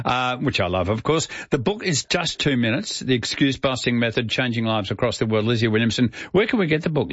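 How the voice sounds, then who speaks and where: A man's voice: medium pitch, fairly bright tone, no echo, dull audio. A male radio host in a studio, friendly and chatty as he interviews a guest.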